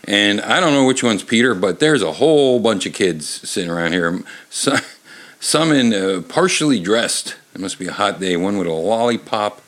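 A man in his fifties reads a picture book aloud and rambles through the pictures, cracking jokes and stumbling over words. His voice sits low yet sounds bright and sharp. His pitch swings widely as he talks. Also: expressive. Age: 50s. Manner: joking, halting, lots of fillers. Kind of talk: rambling read-aloud with commentary.

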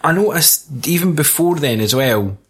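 A man's voice: on the high side, expressive, moderate pace, husky. A young Scottish man in casual film chat, sweary and laughing often as he co-hosts. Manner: laughing, sweary, puts on silly voices. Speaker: podcast co-host.

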